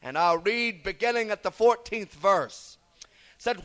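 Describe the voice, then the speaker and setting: A man preaching a revival sermon, emphatic, repeating "Praise God" and slowing down to stress scripture. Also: high voice, fairly bright tone.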